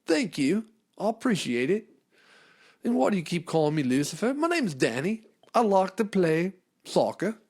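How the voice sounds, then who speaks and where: A man's voice: high-pitched, very animated, moderate pace, darkish tone, voice pushed up. A man voicing a whiny little boy who protests and pleads. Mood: chirpy. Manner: whining, pleading.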